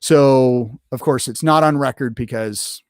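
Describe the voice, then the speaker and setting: A man's voice: medium pitch, unhurried, a little mellow, no echo, clean studio sound. Rambling man recapping an episode. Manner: rambling, many fillers and restarts. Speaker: podcast host reviewing an episode. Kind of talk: casual unscripted episode recap.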